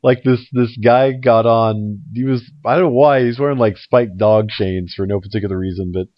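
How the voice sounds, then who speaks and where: A man's voice: fairly low pitch, moderate pace, dry recording, dull audio. A man hosting a podcast over a call, telling rambling, self-mocking stories with lots of fillers and restarts. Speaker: podcast host. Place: hotel room in a big city. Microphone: remote call line.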